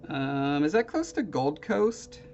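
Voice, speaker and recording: A man's voice: on the high side, big pitch swings, slow, a little mellow, soft background music. A man casually chatting with viewers on his live stream, rambling and self-deprecating, with hesitant restarts. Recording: dull lo-fi stream audio with faint noise.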